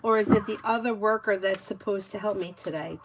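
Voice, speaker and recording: A woman giving casual tarot readings on a live stream, chatty and quick to laugh, with lots of fillers. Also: medium pitch, noisy background. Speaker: tarot reader.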